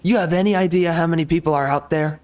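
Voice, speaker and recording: A man's voice: fairly high pitch, fast, darkish tone. A young man with a profane, heated, repetitive way of talking, delivering an angry rant to the camera. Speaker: gaming YouTuber.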